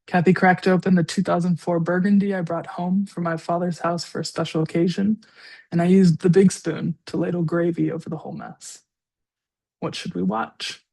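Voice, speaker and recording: A woman's voice: fairly low pitch, level tone, a little fast, dark tone. A woman in her forties, a guest writer, reading her own personal essay aloud with a tender, darkly funny touch. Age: 40s.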